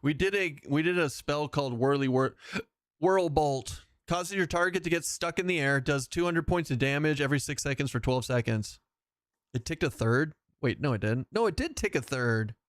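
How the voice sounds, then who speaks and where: A man's voice: a little high, normal speed, no echo, studio quality. A man chatting casually as he streams a game live, rambling and self-mocking and laughing often.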